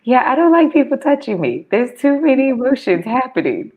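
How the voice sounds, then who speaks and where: A woman's voice: high voice, big pitch swings, brisk, darkish tone. A middle-aged woman and mother of several, co-hosting a casual chat in a frank, laughing way. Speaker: co-host.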